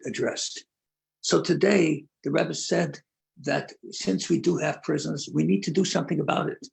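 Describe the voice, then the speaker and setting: An older man, a rabbi, telling stories in an earnest conversational talk, pausing and restarting often. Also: on the high side, vocal fry. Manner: earnest storytelling with many pauses and restarts. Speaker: rabbi and prison outreach leader.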